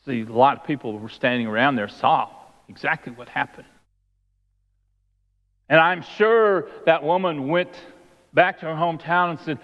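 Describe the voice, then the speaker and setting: A man's voice: on the high side, moderate pace, pauses often, fairly bright tone. A man preaching a sermon, retelling the story and acting out the voices of its people. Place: church sanctuary. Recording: long hall reverb, dull lo-fi sound.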